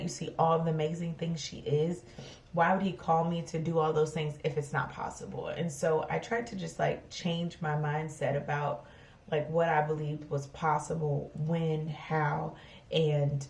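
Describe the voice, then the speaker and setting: Chatty woman with a gravelly, low voice. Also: fairly even intonation, measured pace, a little mellow. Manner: chatty, rambling, full of fillers. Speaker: vlogger. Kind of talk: casual vlog chat. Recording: roomy sound from far off.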